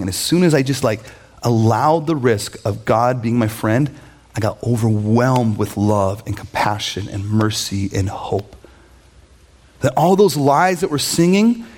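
A middle-aged pastor with a mid-range voice preaches a sermon. He tells stories with animation and mocks the characters he quotes.

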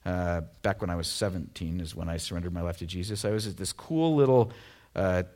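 A man's voice: low voice, fairly quick, a little mellow. A middle-aged man from Oregon preaching a sermon in a conversational, storytelling way with self-deprecating humor. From Oregon, USA. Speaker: pastor.

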